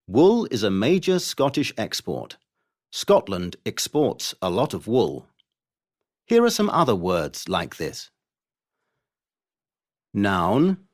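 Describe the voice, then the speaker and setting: A man reading scripted vocabulary lessons, pronouncing pairs of words with deliberately contrasting stress. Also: fairly low pitch. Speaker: audio narrator for a vocabulary course.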